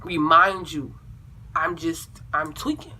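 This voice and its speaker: A young woman vlogger telling a personal story in a casual, animated way, with lots of profanity and acted-out quotes. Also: low voice, slow pace, slight background noise.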